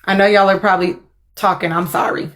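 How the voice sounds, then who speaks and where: A woman's voice: medium pitch, level tone, brisk, a bit bright. A woman hosting a live stream, chatting casually with viewers and apologizing as she looks for clips. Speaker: livestream host reacting to a reality show. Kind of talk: casual live reaction chat.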